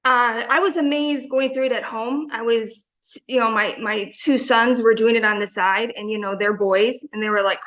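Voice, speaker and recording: A woman's voice: a little high, steady tone, moderate pace, few pauses, a bit bright, poor audio. A woman in her forties, a gym member talking in a casual interview, enthusiastic and rambling, full of fillers and quoted asides.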